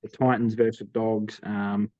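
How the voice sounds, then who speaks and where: A man with an Australian accent talks through rugby league team lists in a casual podcast chat. His voice is mellow and unhurried, with lots of "um" and "mate". The recording is dry and a little muffled. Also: fairly low pitch, level tone, no room sound. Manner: laid-back, runs through team lists with fillers. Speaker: podcast co-host.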